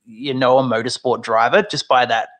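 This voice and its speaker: A man in his thirties with an Australian accent, telling animated stories in a casual chat and acting out the voices of people he quotes. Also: mid-range voice, moderate pace. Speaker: guest.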